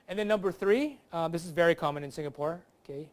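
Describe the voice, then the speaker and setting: A man's voice: on the high side, quick pace, hardly any pauses. A man, a comedian guest on a talk show, telling a lighthearted stand-up bit. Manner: lively, does accent impressions.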